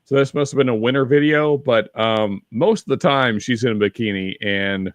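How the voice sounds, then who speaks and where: A man co-hosting a podcast in casual chat, rambling and halting with many restarts, reading viewer chat aloud. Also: medium pitch, no room sound. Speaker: podcast co-host.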